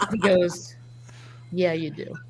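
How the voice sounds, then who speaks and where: A woman's voice: on the low side, a little mellow, slight background noise. A middle-aged woman hosting a casual livestream chat. She tells folksy stories and reads viewer comments aloud. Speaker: livestream host.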